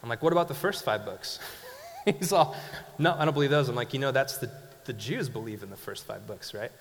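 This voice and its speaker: A man's voice: mid-range voice, lively intonation, a little fast, a little hiss or hum. A man preaching a sermon as a pastor, telling stories in a conversational way and asking rhetorical questions. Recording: long hall reverb.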